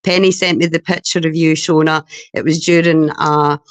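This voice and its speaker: A woman's voice: deep voice, fairly even intonation, normal speed, no echo. A Scottish woman on a livestream panel, talking bluntly and swearing heavily. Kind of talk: heated livestream chat.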